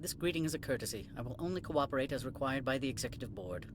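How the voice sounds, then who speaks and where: An actor playing a curt, condescending middle-aged administrator in a video game. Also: male voice, mid-range voice, lively intonation, rapid-fire, noisy background, natural voice. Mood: dismissive. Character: haughty middle-aged male corporate administrator.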